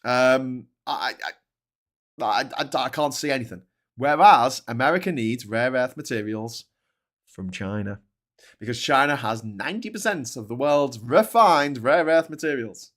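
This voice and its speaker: A man hosting a casual spoken commentary, rambling and animated with frequent restarts. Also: mid-range voice, measured pace. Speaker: host.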